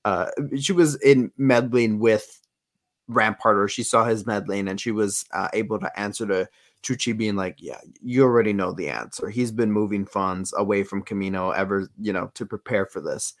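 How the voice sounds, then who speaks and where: A man co-hosting a podcast in casual chat, animated and acting out quotes in voices. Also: lowish voice, moderate pace. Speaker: podcast co-host.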